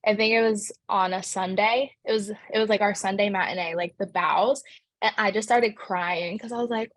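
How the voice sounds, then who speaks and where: A woman's voice: mid-range voice, steady tone, moderate pace, no room sound. A young woman, an actress, answering interview questions in a bubbly, chatty way, full of "like" fillers.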